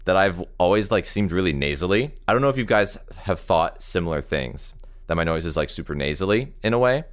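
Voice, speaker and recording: A young man with a deep, very low voice that stays smooth and resonant. He co-hosts a casual podcast, winding through his stories with plenty of fillers and restarts. It sounds like easy talk among friends. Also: lively intonation, fairly quick. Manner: rambling, filler-heavy storytelling. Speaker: podcast co-host. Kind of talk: casual chat.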